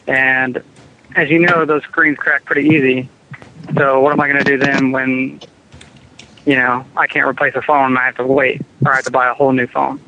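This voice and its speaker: A man's voice: mid-range voice, level tone, normal speed, bright, forceful tone, a little hiss or hum. Exasperated man on a tinny phone line. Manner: exasperated, stammering complaints. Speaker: prank call target. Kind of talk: phone call.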